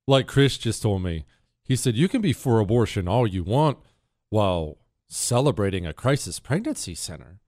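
Man, middle-aged, talk radio host, opinionated monologue, indignant, very lively pitch, dry close sound. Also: moderate pace, no echo. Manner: animated, indignant, swings from loud outbursts to quiet asides.

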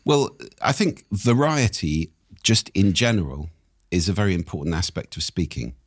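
A man, a speaking coach, explaining in conversation with lively, demonstrative intonation and a husky voice. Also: sits low, moderate pace, no room sound.

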